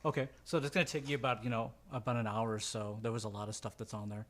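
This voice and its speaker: A man's voice: medium pitch, level tone, quick pace, fairly bright tone. A man running a tabletop role-playing game as game master, narrating hesitantly with frequent fillers. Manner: hesitant, full of "um" and "kinda".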